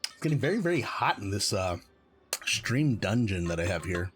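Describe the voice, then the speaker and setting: A man streaming a game, with rambling, excitable, self-deprecating commentary and casual swearing. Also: lowish voice, moderate pace, faint music behind. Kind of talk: casual let's play commentary.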